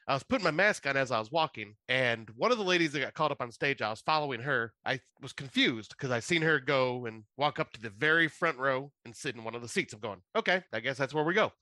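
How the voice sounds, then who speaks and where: A man's voice: mid-range voice, lively intonation, quick pace, hardly any pauses, pushed and bright, no echo. A man co-hosting a podcast, telling a long story in casual chat, laughing often and rambling with many fillers. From Michigan. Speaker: podcast co-host.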